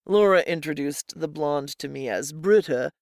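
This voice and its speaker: A narrator reading a first-person story in a steady, measured way. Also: medium pitch, no room sound, studio quality. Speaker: audiobook narrator.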